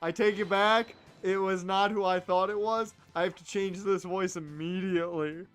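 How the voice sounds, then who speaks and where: A man's voice: sits high, fairly even intonation, normal speed, fairly bright tone, clean tone, faint music behind. A man streaming a video game, making joking, sarcastic casual commentary. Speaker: let's play streamer.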